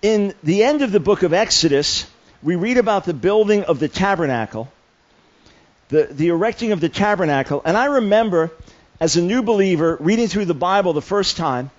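A man's voice: high voice, animated, moderate pace, muffled recording. A man preaching a sermon, telling a story with humor and frequent restarts. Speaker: guest preacher. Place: church camp meeting hall.

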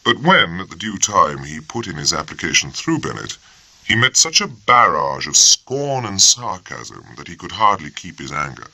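Male audiobook narrator, deep and lively-toned, dry close-mic read. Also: moderate pace, creaky, slightly rough, no echo. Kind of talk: scripted narration.

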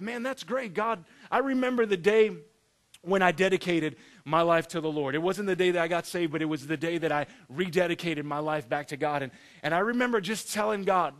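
A man preaching a sermon, animated and joking, acting out the story in voices. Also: on the high side. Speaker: pastor.

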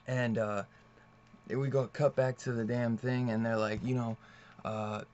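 A man's voice: medium pitch, little pitch movement, measured pace, darkish tone. A man reviewing a comic book in a loose, rambling way, swearing freely and laughing often. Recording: dull lo-fi recording.

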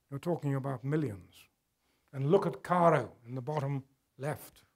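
An older man giving a public lecture, earnest and emphatic, dropping his voice low to press home a point. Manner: earnest, emphatic, drops to quiet for weight. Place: gala event hall.

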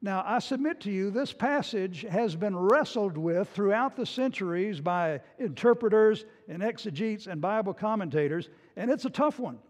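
A male pastor preaches a sermon with a high voice. He retells a scripture story with a storyteller's flair and sometimes acts out its scenes. His words ring out with a long reverb, as in a church sanctuary. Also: animated, normal speed, hardly any pauses.

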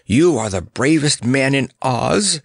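A man's voice: medium pitch, very animated, unhurried, no room sound, clean studio sound, voice pushed up. A man voicing a timid, faltering storybook lion. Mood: anxious. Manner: faltering, gloomy, choked. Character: timid, tender-hearted male lion, anxious.

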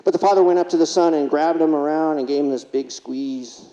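A man's voice: a little high, brisk, mellow. A man giving a humorous conference keynote, telling stories and acting out what others said. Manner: humorous, acts out quotes from patients. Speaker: keynote speaker. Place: conference hall. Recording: lo-fi recording, long hall reverb.

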